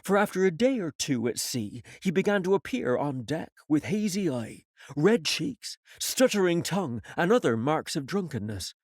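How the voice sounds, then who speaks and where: A man reading an audiobook in a measured storytelling manner. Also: a little high, sing-song, darkish tone, no echo, studio quality. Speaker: audiobook reader. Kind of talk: audiobook narration.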